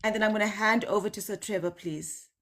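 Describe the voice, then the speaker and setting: A woman's voice: mid-range voice, fairly quick, a bit bright. A woman hosting an online panel over a video call, apologetic but firm as she keeps order. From South Africa. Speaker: panel host.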